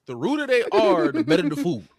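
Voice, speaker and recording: A man, co-hosting a podcast, telling a story with swearing and rising to yelling. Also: sits high, sing-song, fairly quick, dry recording, studio quality. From New York area. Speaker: podcast co-host. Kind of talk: casual podcast chat.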